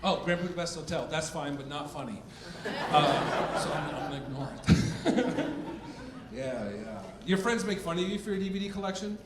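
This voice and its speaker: A high-pitched, lively male comedian riffs through a stand-up set, swinging his voice up and down as he acts out little scenes. The sound is roomy, like a club stage, and loud crowd laughter keeps breaking through. He sounds mock-indignant and quick on his feet. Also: background noise. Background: audience laughter.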